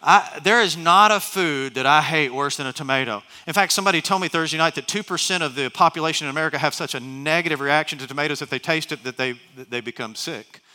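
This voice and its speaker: Animated pastor preaching. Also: male voice, a little high, quick pace, hardly any pauses, in a large hall. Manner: animated, storytelling with many restarts and asides. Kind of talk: sermon. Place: large church hall.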